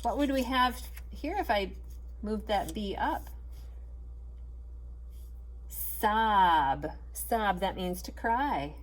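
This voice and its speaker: Slow, patient woman teaching phonics. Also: medium pitch, expressive. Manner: patient, encouraging, sounds out letters slowly. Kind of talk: online phonics lesson for children.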